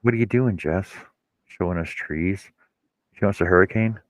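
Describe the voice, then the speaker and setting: A man's voice: sits low, normal speed, rough recording. A man chatting casually on a live stream, telling wry stories and teasing the others. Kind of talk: casual chat.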